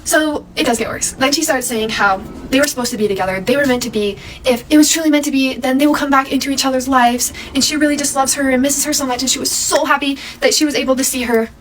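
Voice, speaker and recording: A woman's voice: sits high, fast, few pauses, slight background noise, poor audio. Chatty young woman telling a story. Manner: chatty, animated retelling with quoted voices and laughs. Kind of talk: casual story time.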